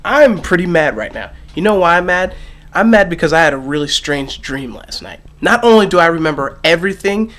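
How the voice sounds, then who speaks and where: A young man with a slightly high voice tells a strange story to the camera. He talks casually and animatedly, jumping between loud bursts and quiet, low asides. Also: expressive, a little fast. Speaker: vlogger.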